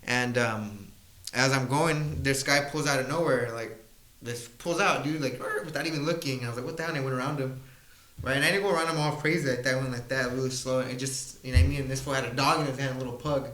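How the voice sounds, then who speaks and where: Fast, bright-voiced fighter telling stories. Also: male voice, medium pitch, roomy sound, rough recording. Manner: animated, profane, laughing storyteller. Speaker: MMA fighter guest. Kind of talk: casual podcast storytelling.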